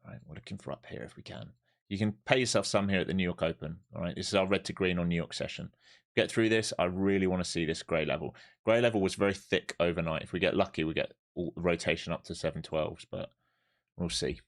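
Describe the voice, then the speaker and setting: A lowish-voiced man running a live trading stream. He talks in a brash, sweary way and taunts his chat, then switches to urgent cheering at the chart. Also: quick pace. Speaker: live-streaming day trader.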